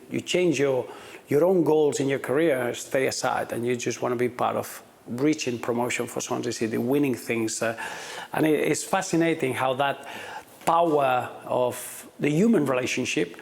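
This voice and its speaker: Halting, gravelly-voiced football manager. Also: male voice, medium pitch. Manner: hesitant, often repeats words when starting sentences. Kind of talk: interview answers, reflective.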